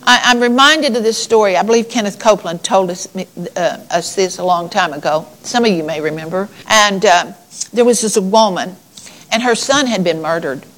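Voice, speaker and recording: A woman's voice: mid-range voice, moderate pace, fairly bright tone, low-quality recording. A woman preaching a sermon in a conversational, folksy way, reading scripture aloud and addressing her congregation.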